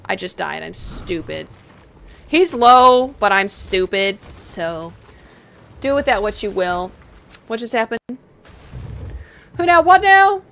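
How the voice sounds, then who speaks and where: A woman's voice: mid-range voice, animated, slow, creaky, long pauses, pushed and bright. A woman streamer chatting casually while gaming, playful and sarcastic.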